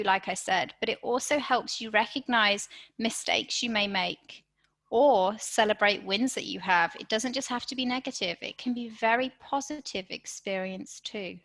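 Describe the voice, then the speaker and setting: A woman's voice: on the high side, pushed and bright, poor audio. A woman presenting a live online workshop, encouraging and speaking straight to her audience, often checking in with "okay?". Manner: encouraging, addresses audience directly with frequent "okay?". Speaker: webinar presenter.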